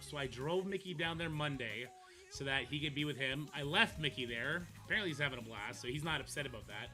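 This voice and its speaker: Goofy, bright-voiced streamer dad. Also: male voice, fairly high pitch, fast, soft background music. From Canada. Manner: goofy and rambling, laughs easily. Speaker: mobile game streamer. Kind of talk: casual livestream chat.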